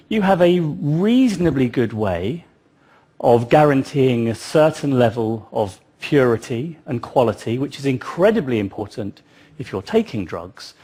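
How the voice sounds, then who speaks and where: A man's voice: mid-range voice, a little mellow, husky. A man giving a public talk, telling it as a story with wry asides. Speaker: speaker.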